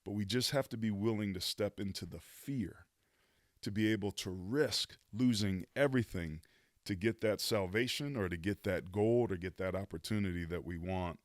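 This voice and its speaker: A former pro football player in his fifties tells his life story as a podcast guest, earnest and motivational, with casual slang mixed in. His voice is on the low side at a moderate pace, recorded in a clean studio with no room sound.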